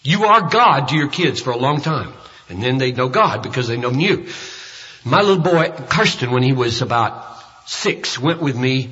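An older man preaching a sermon at a rally, telling stories with loud emphasis and hushed asides. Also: medium pitch, moderate pace, slightly rough. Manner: animated storytelling, swings between loud emphasis and hushed asides. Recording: dull reverberant hall recording.

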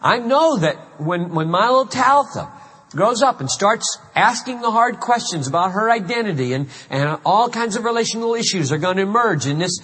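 A man's voice: high-pitched, animated, moderate pace, a bit bright, breathy edge, long reverb tail. A man in his fifties from the American South, preaching a sermon in an earnest, conversational way with emphatic repetition. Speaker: pastor.

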